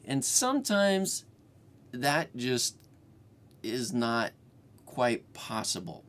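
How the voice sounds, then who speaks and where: A man's voice: medium pitch, very animated, drawn-out words, a bit bright. A man hosting a screen-share coding tutorial, talking casually with lots of fillers and restarts, at home. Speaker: programming tutorial host.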